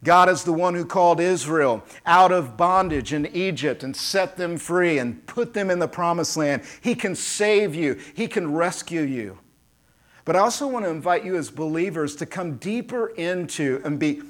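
Animated preacher with a higher man's voice. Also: unhurried. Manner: animated preaching, quotes voices, calls to the congregation. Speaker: pastor. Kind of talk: sermon.

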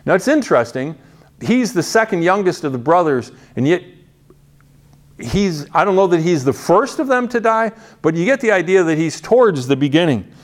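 This pastor's voice is high and sing-song, moving at a normal speed. He preaches with earnest, conversational warmth, repeatedly restarting what he's saying.

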